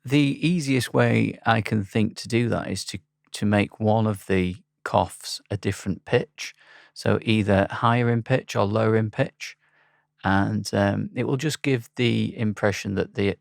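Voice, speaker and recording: Male tutorial instructor, low and gravelly, unhurried and halting, dry close sound. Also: no room sound. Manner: relaxed, halting, with frequent ums. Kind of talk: screen-recorded software tutorial.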